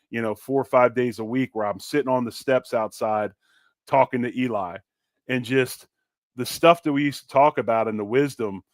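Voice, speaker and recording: A man's voice: mid-range voice, no echo. A middle-aged man who once played on the line, hosting a casual sports podcast, plugging the show and then trading locker-room memories. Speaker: podcast host and former lineman.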